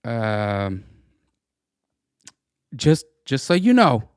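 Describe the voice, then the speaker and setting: A middle-aged man co-hosting a casual political podcast, talking in an animated, stammering, jokey way. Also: mid-range voice, extremely slow, clear, resonant tone, dry recording, studio quality. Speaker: podcast co-host.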